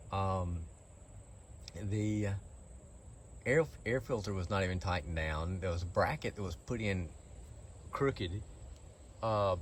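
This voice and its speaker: A man's voice: low-pitched, slight background noise. A man telling a long, aggrieved story about a car repair in a rambling, casual way.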